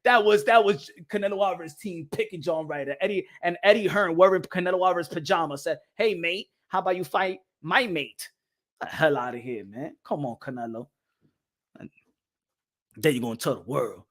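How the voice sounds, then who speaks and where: On his boxing commentary show, this host delivers an opinionated rant to camera that's heated, crude and derisive, frequently cracking up. His voice sits a little high and moves a little fast.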